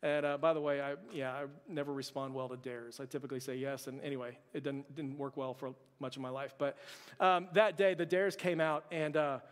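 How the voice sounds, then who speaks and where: A man preaching a sermon as a pastor, telling a personal story with humor, and dropping to a hushed voice for his quoted thoughts. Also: medium pitch, fairly even intonation, brisk, clear, resonant tone. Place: church sanctuary. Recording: church hall with long reverb.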